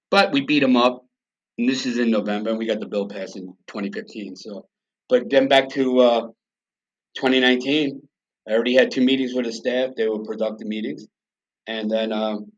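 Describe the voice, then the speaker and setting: A man, a podcast guest telling his story in a blunt, profane, emphatic way. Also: mid-range voice. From New York. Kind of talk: storytelling in a conversational interview. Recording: slightly dull lo-fi sound.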